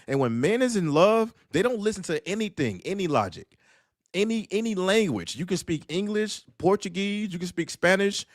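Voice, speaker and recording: A man's voice: high voice, lively intonation, normal speed, dry recording, studio quality. A man talking on a streamed panel discussion, telling stories bluntly and preaching with profanity. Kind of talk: casual streamed panel talk.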